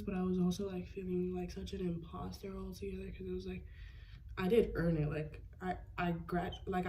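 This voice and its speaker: Casual vlogger: young woman, low-ish mellow voice, slangy and rambling. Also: slight background noise. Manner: slangy, rambling, fills with "like" constantly. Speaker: beauty vlogger. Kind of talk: casual makeup tutorial chat.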